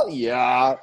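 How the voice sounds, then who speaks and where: A woman co-hosting a podcast in casual chat, bubbly and giggly, rambling between stories. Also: a bass voice. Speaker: podcast co-host.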